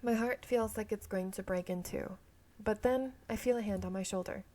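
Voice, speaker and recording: Speaking at a normal speed, a woman with a mellow, medium-pitched voice reads a romance visual novel aloud for her stream. She frequently trips over lines and fixes them, chuckling at herself and chatting in between.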